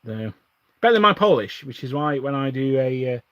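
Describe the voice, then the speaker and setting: A man's voice: medium pitch, sing-song, a little fast, a bit bright, dry recording, studio quality. Rambling English man chatting on a live stream. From England. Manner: rambling, self-interrupting, chuckling often. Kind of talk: casual live stream chat while building models.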